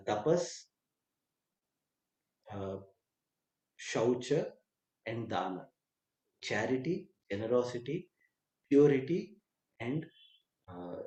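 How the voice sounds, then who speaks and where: A man with a mellow, warm voice tells a scripture story as a lecture. He acts out the lines of each character and stops now and then with an aside. The sound is roomy and echoey. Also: medium pitch. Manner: retells the tale with quoted lines and asides, some hesitant fillers. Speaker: spiritual teacher.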